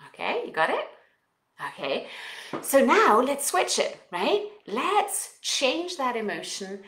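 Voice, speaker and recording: A woman with a non-native English accent talking as a parenting coach, guiding listeners through exercises and affirmations in an expressive, coaching manner. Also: medium pitch, echoey room. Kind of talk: guided self-help talk with exercises.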